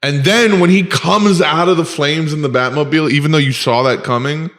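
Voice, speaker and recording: This podcast co-host is a man with a fairly high voice who talks fairly quickly. Animated and profane, he spins loose, casual stories and acts out the quotes as he goes.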